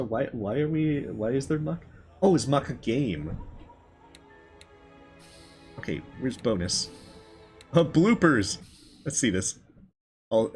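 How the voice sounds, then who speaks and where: Low-voiced man rambling over gameplay. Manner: rambling, hesitant, many fillers. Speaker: let's play host. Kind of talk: casual gameplay commentary.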